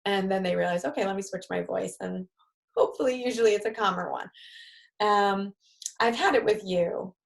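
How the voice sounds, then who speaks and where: A woman with a New York accent runs an online parenting workshop in a relaxed, conversational way. She acts out short example phrases for parents to say to their children. Her voice sits in an ordinary middle register. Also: mid-range voice, normal speed, gravelly. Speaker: parenting group leader. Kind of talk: live-streamed parenting workshop talk.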